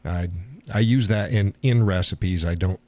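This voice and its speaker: A man's voice: sits low, a little slow, darkish tone. A man hosting a live stream, chatting casually and answering his viewers with frequent laughs. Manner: rambling, laughs often, reads and answers chat.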